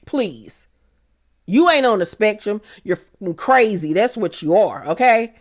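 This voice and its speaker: A woman hosts a casual gossip recap of a reality show, talking with sass and drama. She acts out the cast's lines as she goes. Her voice sits at a middling pitch. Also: lively intonation, measured pace.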